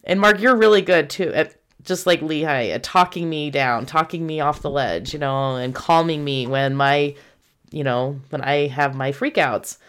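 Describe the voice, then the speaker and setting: A woman's voice: sits low, moderate pace, clean tone. A woman co-hosting a casual gospel discussion, retelling scripture stories with animation and laughing easily. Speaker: podcast co-host.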